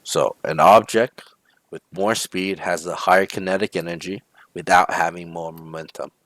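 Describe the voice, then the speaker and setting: A man's voice: low-pitched, steady tone, normal speed, a bit bright, dry recording. A male physics teacher talking through homework problems step by step, often checking in with "okay?" and "right?". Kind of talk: homework walkthrough lesson.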